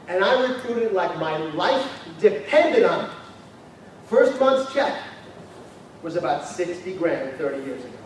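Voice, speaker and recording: A man in his fifties giving an animated, shouting seminar talk, telling a story and laughing as he goes. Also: high-pitched. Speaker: motivational speaker. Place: large hall with a live audience. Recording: echoey hall from far off, crowd noise.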